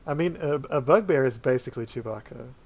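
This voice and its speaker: A man's voice: mid-range voice, lively intonation, fast talker, a little mellow. A man running a tabletop game, chatting casually with his players over a voice call and laughing often. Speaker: dungeon master. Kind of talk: casual chat planning a tabletop campaign. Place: voice chat call.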